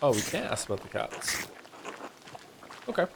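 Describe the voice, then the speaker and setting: Male streamer, mid-pitched, dry offhand commentary, noisy desk mic. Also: big pitch swings, moderate pace, gravelly. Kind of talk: casual game commentary.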